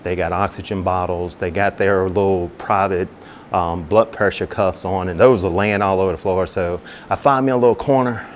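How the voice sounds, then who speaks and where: A man, a fire captain, telling a long personal story in an interview, acting out both sides of the conversations in a relaxed, chatty way. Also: deep voice, normal speed, a little hiss or hum. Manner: relaxed, conversational, with many "you know" asides. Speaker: fire captain and business owner.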